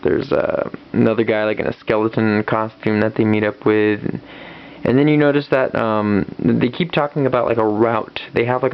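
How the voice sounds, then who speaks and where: In a dull lo-fi recording, a man with a lowish, gravelly voice casually reviews a comic book. He rambles through the plot with many fillers and restarts.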